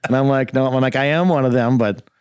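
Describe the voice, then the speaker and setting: A man chatting quickly and loosely on a talk show, jumping into the voices of the people in his story. His voice sits at an ordinary middle pitch. The recording is dry and close. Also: smooth, dry recording. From rural Minnesota. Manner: animated storyteller acting out quotes. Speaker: guest host. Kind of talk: casual storytelling chat.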